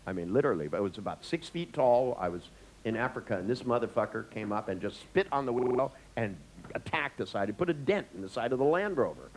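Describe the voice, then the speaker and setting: Animated man telling a wild story. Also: fast talker, a little hiss or hum, low-quality recording. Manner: animated, acts out voices with big pitch jumps; profane, laughs at his own story. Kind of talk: storytelling in a lecture.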